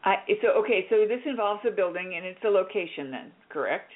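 Animated woman host coaching on the air. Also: mid-range voice, a little fast, narrow, tinny audio. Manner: directive and animated, plays out scenes. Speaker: radio show host and coach.

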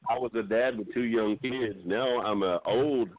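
A middle-aged man calling in to a talk show, telling meandering jokes with halting restarts. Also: on the low side, no room sound. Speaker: regular caller. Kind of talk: rambling comedic call-in chat. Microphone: phone. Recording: dry tinny phone line.

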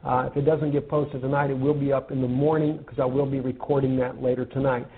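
A man's voice: mid-range voice, flat delivery, quick pace. A man from the United States reading news articles aloud and commenting on them in an earnest, conversational way. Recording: tinny phone-like audio.

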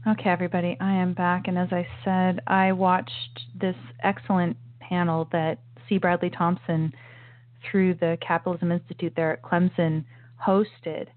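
A woman's voice: lowish voice, flat delivery, normal speed. A woman hosting a political commentary show, talking in an opinionated, emphatic way with frequent restarts and asides. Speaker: host. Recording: tinny phone-like sound, dry.

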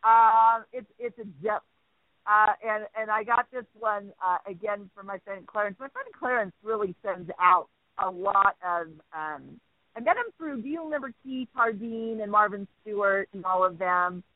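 A man hosting a talk radio show, telling a story with lively acted-out quotes. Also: high-pitched, normal speed, no room sound. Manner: animated storyteller acting out quotes. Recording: dry tinny phone-like line.

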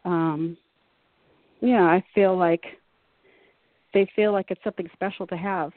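A woman's voice: fairly low pitch, steady tone, unhurried, no room sound. A woman as an interview guest, talking in an earnest, reflective, rambling way. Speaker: guest artist. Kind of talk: casual interview chat. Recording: dry tinny phone line.

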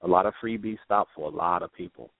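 A middle-aged man calling in to a radio show, telling memories in a relaxed, "you know"-filled way. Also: deep voice, fast, no room sound. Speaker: caller. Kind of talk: casual phone-in remembrance. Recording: tinny dry phone line.

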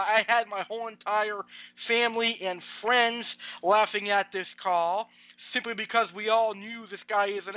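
A man's voice: high voice, no echo. A man hosting his podcast, chatty and easily amused. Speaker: podcast host. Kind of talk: casual podcast talk. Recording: tinny phone-like line.

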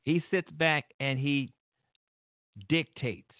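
A man's voice: on the high side, steady tone, slow, no room sound. Angry talk show host, man, profane and rambling; thin phone-line sound. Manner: heated, profane, rambling with restarts. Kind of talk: angry political commentary. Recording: tinny phone-like line, dry.

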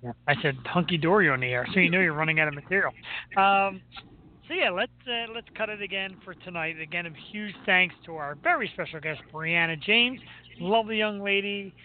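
A man hosting a radio show, his voice sitting a little high for a man. He rambles along in easygoing chat and pokes fun at himself. The sound is thin and tinny, like a phone line. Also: fairly quick, slight background noise. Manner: rambling, self-deprecating, joking.

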